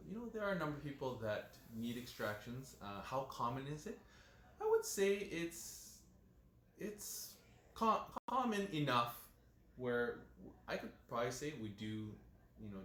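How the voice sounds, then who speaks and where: A man, working as a dentist, telling stories in a relaxed, casual way and leaning on lots of "you know" fillers. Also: mid-range voice, moderate pace, a little hiss or hum. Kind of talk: casual interview talk. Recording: echoey room with faint ambience.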